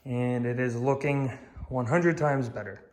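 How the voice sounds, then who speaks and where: A young man talks through his car project in a loose, blunt vlog manner. He swears freely and pokes fun at himself. His voice sits at an everyday middle pitch. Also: steady tone, unhurried, darkish tone. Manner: blunt, swearing, self-deprecating. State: out of breath. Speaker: car vlogger. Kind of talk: casual vlog. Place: home garage.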